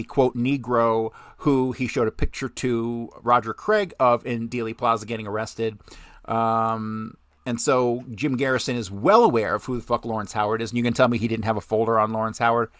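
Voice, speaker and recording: Jittery from too much coffee, a podcast host launches into a heated, profane rant, swearing constantly and reading documents aloud. His mid-range voice is steady and a bit bright at normal speed, recorded at studio quality with no echo.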